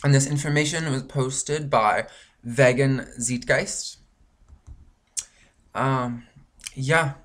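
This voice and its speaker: A man's voice: mid-range voice, slow, long pauses, a bit bright. A man from Canada ranting angrily in a rambling vlog monologue, full of swearing and filler words. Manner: frustrated, profane, rambling with many fillers. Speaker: vlogger.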